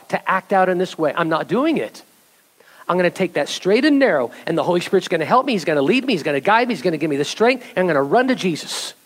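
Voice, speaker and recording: In a rough recording, a pastor with a high voice preaches directly to his congregation. His sermon climbs steadily toward fervent exhortation of the church.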